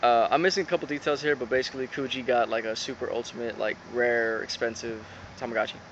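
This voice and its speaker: This episode recap comes from a man who talks fast, with a middle pitch, fairly bright tone, and fairly even intonation. He rambles, loading his speech with "um"s and "he's like" as he retells quotes, while the lo-fi recording sounds dull and carries clear background noise.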